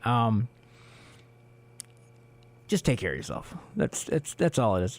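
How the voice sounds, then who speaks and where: A man co-hosting a community radio show in casual solo talk, hoarse from losing his voice, rambling with many fillers, in a small studio on a studio microphone. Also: medium pitch, dry recording. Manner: rambling, heavy on "you know" fillers.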